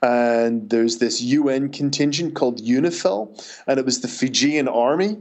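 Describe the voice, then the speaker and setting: A Northern Irish man tells stories in a relaxed interview, chatty and anecdotal, with quick restarts as he goes. His voice sits at an ordinary middle pitch. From Northern Ireland. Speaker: author. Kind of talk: casual interview answers.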